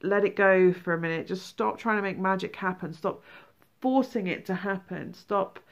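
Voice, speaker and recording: A woman giving a tarot reading, animated, exclaiming and acting out feelings. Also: mid-range voice, normal speed. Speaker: tarot reader.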